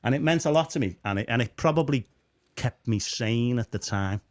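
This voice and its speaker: A man's voice: mid-range voice, lively intonation, a little fast. A middle-aged man chats casually as a co-host. His voice swings up and down a great deal as he tells jokey, self-mocking stories. He laughs often between lines. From England. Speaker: Baptist minister and podcast co-host. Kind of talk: casual chat.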